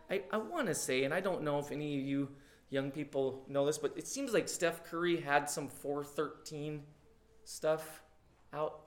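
A man delivers a sermon with a notably high-pitched voice. He preaches in a conversational, unpolished way, then punches certain words much louder for emphasis. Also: normal speed. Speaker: pastor.

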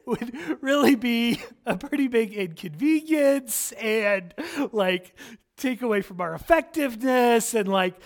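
A man preaching, telling a personal story in an animated, chatty way, with lots of "like" and "right?". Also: very high voice, unhurried. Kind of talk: storytelling sermon.

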